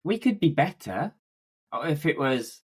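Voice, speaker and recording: A man's voice: a little high, big pitch swings, measured pace, husky. A man co-hosting a casual podcast, speaking in a laid-back, matter-of-fact way. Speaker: podcast co-host. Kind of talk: casual chat.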